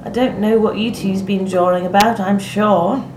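A woman's voice: mid-range voice, fairly even intonation, moderate pace, close to an everyday voice. A woman reading aloud, voicing a bossy young country woman who scolds in a blunt rustic dialect, in an echoey room with faint noise.

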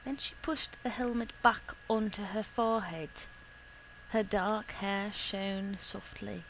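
A woman reading a literary short story aloud in a measured, deliberate way. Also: medium pitch, fairly even intonation, vocal fry, a bit bright, a little hiss or hum, rough recording. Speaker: reader.

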